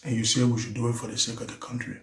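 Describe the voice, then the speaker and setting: A man's voice: medium pitch, little pitch movement, racing, fairly bright tone, echoey room. A man from Liberia, talking to his followers in an emotional, pleading monologue that circles back on itself.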